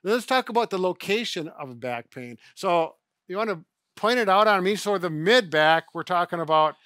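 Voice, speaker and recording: Chatty middle-aged male co-host explaining stretches, bright forceful tone, a bit high, dry close sound. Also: animated, moderate pace, no room sound. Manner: chatty, self-correcting, demonstrates exercises. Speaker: physical therapist co-host. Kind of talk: casual instructional chat.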